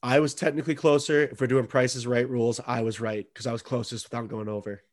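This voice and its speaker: A man's voice: mid-range voice, fairly even intonation, fast. Profane, joking casual man. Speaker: podcast co-host. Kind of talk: casual sports chat.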